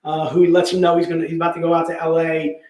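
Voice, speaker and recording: An energetic man in his fifties runs a live sales stream, full of jokey patter. His voice sits high for a man. The room around him is echoey. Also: fast talker. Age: 50s. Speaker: host.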